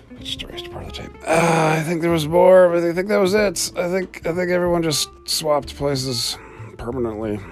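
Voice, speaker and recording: A man hosting a casual solo podcast, rambling and swearing with frequent laughs while he walks around his studio. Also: fairly low pitch. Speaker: podcast host.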